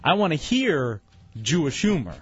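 A man's voice: very animated, husky, muffled recording. A man hosting an evening radio show, bantering playfully and rambling from topic to topic. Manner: playful, rambling, quick shifts in pitch. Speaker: radio host.

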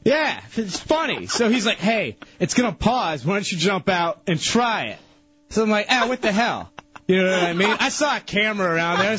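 A husky, fairly high male voice that swoops all over as he rambles through an excitable story on a radio show, stumbling and restarting. The sound is dry and a bit dull, like a lo-fi broadcast. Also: moderate pace.

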